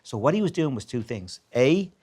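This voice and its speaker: A middle-aged Irish man, a former golf team captain, telling an animated anecdote over dinner. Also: medium pitch, breathy edge. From Ireland. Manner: animated storyteller, quick delivery. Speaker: former Ryder Cup captain. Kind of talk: anecdotal casual chat.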